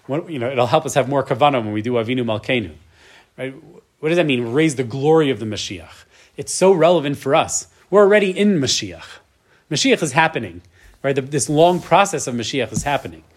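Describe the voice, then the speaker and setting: A man's voice: mid-range voice, animated, fairly quick. A man teaching a Torah class in a conversational way, often checking in with "right?" and building to emotional emphasis. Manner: conversational, tags many points with "right?". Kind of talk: lecture class.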